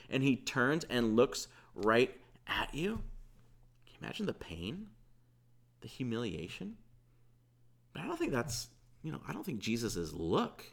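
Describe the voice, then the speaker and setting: A male pastor delivering a sermon in an easygoing, conversational style. He retells a scripture story with informal asides, and his voice rises and falls in a lively, expressive way while staying at a middle pitch. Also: creaky.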